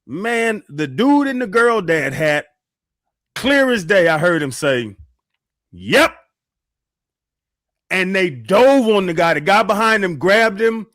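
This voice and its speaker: Animated male radio storyteller. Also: high voice, unhurried, dry recording, studio quality. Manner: animated storyteller, acts out quotes. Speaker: radio show co-host. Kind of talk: casual storytelling on sports radio.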